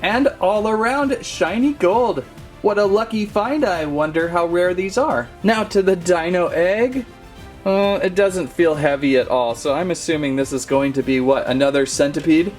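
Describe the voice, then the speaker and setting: A man's voice: sits high, normal speed, faint music behind. A man hosting a casual toy unboxing, talking in a playful, jokey, mock-serious way. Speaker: toy channel host.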